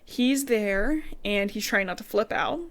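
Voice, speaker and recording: A woman's voice: medium pitch, unhurried. A woman co-hosting a podcast, recapping a book in casual chat full of "like" and blunt swearing. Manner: chatty, sweary, full of "like" and quoted asides. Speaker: podcast co-host.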